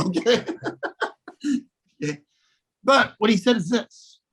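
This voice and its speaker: A man with a fairly high voice tells a casual story on a video call. He is animated, restarts his sentences and keeps checking in with his listeners. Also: normal speed, long pauses, breathy edge, low-quality recording. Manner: animated, restarts often, repeats "okay?". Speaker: guest speaker in a sales coaching session.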